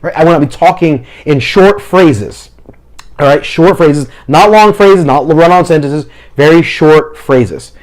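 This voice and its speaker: Fast-talking man giving practical advice. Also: fairly high pitch. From Philadelphia, family from Puerto Rico. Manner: fast-talking, explains by acting out examples. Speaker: mission trip leader and preacher. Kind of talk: instructional talk to camera.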